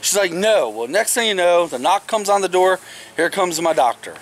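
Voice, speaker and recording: Middle-aged male vlogger, emphatic and casual, a bit high-pitched, faint background hiss. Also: normal speed, gravelly. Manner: animated, emphatic, swears casually. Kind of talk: casual storytelling to camera.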